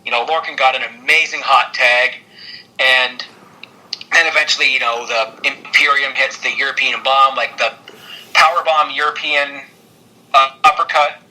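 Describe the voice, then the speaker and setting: A man co-hosting a podcast, rambling excitedly through a wrestling recap with lots of fillers and laughter. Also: medium pitch, normal speed, rough recording. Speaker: podcast co-host. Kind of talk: casual wrestling recap chat.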